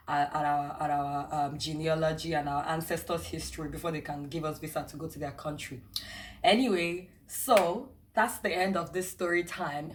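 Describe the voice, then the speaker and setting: Brief: young Nigerian woman, lower voice, chatty vlogger storytime, lots of fillers and laughs. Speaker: travel vlogger. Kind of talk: casual storytime.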